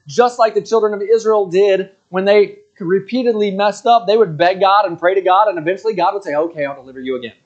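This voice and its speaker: Lo-fi recording of a high-voiced preacher in his forties. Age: 40s. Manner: conversational and joking, with many restarts and asides to the congregation. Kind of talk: sermon. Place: church.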